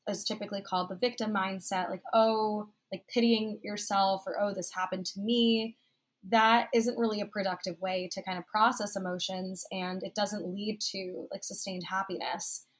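A woman's voice: medium pitch, fairly even intonation, normal speed. A woman hosting a podcast, asking long, curious questions in a casual way. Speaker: podcast host.

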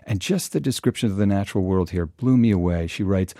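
A man with a fairly low, mellow voice talks about literature with real enthusiasm. He reads passages aloud slowly and fondly. The sound is dry and close, like a radio studio. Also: no room sound. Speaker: guest book critic. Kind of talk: radio interview, book talk.

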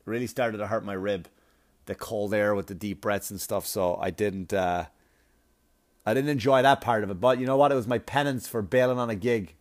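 A man doing stand-up, telling a long story in a profane, animated way with laughing asides. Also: on the low side, moderate pace. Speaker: comedian.

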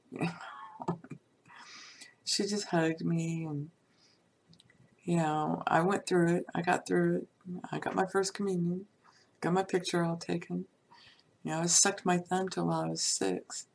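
A woman casually telling a personal story from her life to her viewers, chatty with many asides and soft laughs. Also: fairly low pitch, little pitch movement, unhurried, vocal fry, pauses often, slight background noise.

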